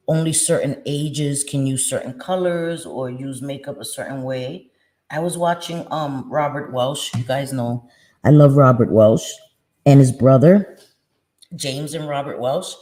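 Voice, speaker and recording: A woman in her forties chatting casually with viewers while doing her makeup, playful and quick to laugh. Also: deep voice, warm tone. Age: 40s. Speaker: beauty vlogger.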